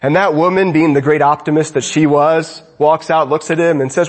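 A man's voice: a little high, fairly even intonation, moderate pace, few pauses. A man preaching a sermon as pastor, conversational, often asking his congregation rhetorical questions.

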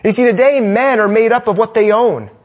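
A young man preaching a sermon to men, with emphatic repeated rhetorical questions, swinging between loud and soft, and ending in prayer. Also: high-pitched, fairly quick.

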